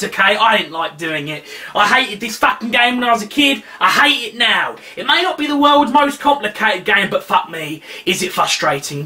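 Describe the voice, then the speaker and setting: A man hosting a let's play, swearing non-stop and ranting and shouting at the game as he plays. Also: sits high, recorded from a distance. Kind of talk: frustrated gameplay commentary. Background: retro game music.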